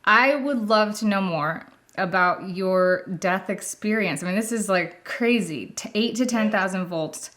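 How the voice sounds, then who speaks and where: A woman's voice: medium pitch, a little slow, a bit bright. A woman hosting an interview, introducing her guest and asking questions in a casual, enthusiastic way. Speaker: podcast host.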